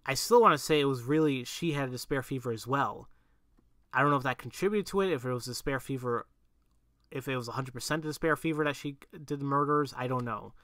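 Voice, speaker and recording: A man doing casual let's play commentary, excitable and prone to shouting, then rambling with restarts as he reflects. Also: mid-range voice, brisk, no room sound. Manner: excitable, breaks into shouts and laughter. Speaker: let's player.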